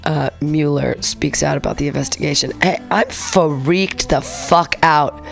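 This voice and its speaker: A man's voice: fairly high pitch, a little slow, gravelly, a bit bright, soft background music. A man hosting a radio show, reading news items and ranting about them in a sarcastic, profane way.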